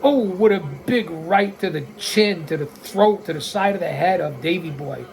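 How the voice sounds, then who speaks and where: A man's voice: high-pitched, moderate pace, creaky. Man in his sixties, watch-along host, rowdy cussing play-by-play, faint noise behind. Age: 60s. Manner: excitable, blunt and profane, calls out mistakes. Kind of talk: wrestling watch-along commentary.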